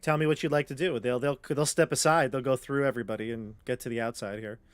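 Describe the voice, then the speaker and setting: Man, game master, relaxed narration, mid pitch, dry close room. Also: fast talker, smooth, no room sound.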